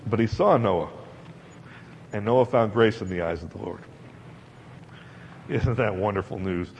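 A man's voice: on the low side, a little slow, gravelly, darkish tone, slight background noise. A man preaching a sermon to a congregation in a chatty, emphatic way, repeating words for stress. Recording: dull lo-fi recording in a large hall.

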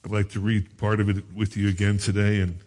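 Male pastor, slightly low and husky voice, conversational preaching with asides. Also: little pitch movement, brisk, a little mellow. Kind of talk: sermon.

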